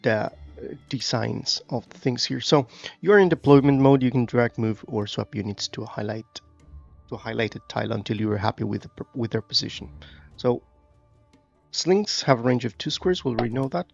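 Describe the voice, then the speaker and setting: A man with a gravelly, middle-pitched voice talks through a strategy game tutorial, reading the on-screen text and then loosely commenting with hesitations. The recording is a bit dull and lo-fi, with faint game music underneath. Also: moderate pace, no room sound. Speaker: gaming YouTuber. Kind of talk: casual gameplay commentary.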